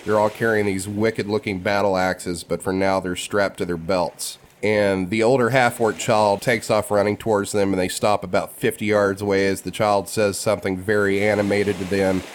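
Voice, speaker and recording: A man narrating as game master in a tabletop game, in a relaxed way with many fillers. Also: lowish voice, normal speed, few pauses, slight background noise.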